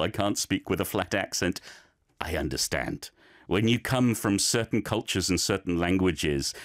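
A man teaching, giving chatty, encouraging feedback on learners' recorded clips with plenty of fillers. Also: on the low side.

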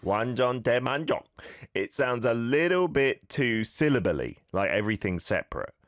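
A man's voice: mid-range voice, big pitch swings, normal speed, dry recording, clean studio sound. A male host coaching listeners' pronunciation in a radio-style language lesson, upbeat and encouraging with some playful nitpicking.

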